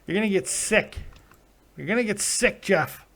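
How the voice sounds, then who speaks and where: A man's voice: sits high, animated, moderate pace, vocal fry, fairly bright tone. A tired man hosting a live reaction stream, casually reading chat comments aloud with plenty of swearing and laughter. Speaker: live-stream show host.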